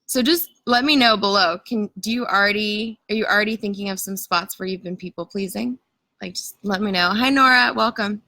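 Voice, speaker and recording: A woman's voice: medium pitch, bright, forceful tone, no room sound, poor audio. A woman coaching live viewers in a casual, chatty way, using lots of "like" and reading out comments and greetings. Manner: casual, chatty, filler-heavy with frequent "like". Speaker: coach leading an online challenge. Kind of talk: live-stream coaching talk.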